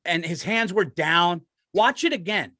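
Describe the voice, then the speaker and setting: A middle-aged comedian chats on a podcast, telling excitable stories full of swearing and laughs. His voice sits high for a man, and it is recorded close and dry with almost no room sound. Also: unhurried, no echo. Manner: excitable, profane storytelling with laughs. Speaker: stand-up comedian and podcast co-host. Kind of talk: casual podcast chat.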